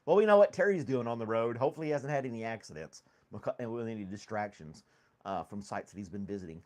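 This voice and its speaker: A man's voice: fairly low pitch, animated, quick pace, darkish tone. A man hosting a casual coffee podcast from his home studio, chatty and laughing often as he reads chat and talks to his dog. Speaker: podcast host. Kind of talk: casual live-stream chat. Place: home studio with foam on walls.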